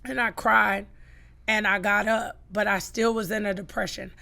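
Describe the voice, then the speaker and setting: A woman's voice: mid-range voice, level tone, moderate pace, creaky, sharp tone. A middle-aged woman, a podcast guest, giving an emphatic personal testimony and acting out the lines she quotes.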